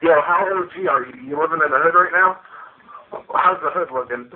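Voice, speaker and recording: A man's voice: on the high side, moderate pace. A man trading crude mocking insults in a voice chat roast, laughing at his own jokes. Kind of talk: trash-talk roast over voice chat. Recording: tinny phone-like voice chat with faint noise.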